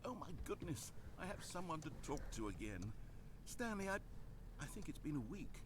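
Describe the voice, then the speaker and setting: A man's voice: fairly high pitch, sing-song, moderate pace, background noise. An actor playing a wry, grandiose male narrator in a video game, delivering scripted lines with theatrical expression. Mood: pleading.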